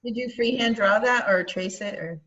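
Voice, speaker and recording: A woman's voice: a little high, normal speed, a bit bright, breathy edge. Woman classmate, dull lo-fi sound. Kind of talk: asking questions in class.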